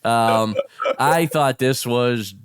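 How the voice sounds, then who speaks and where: A man co-hosting a casual chat show, with a mid-pitched voice. He pauses and restarts often as he gives his opinion, and the recording is dry and close. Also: clean tone, no room sound. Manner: hesitant, many ums and restarts. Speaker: podcast co-host.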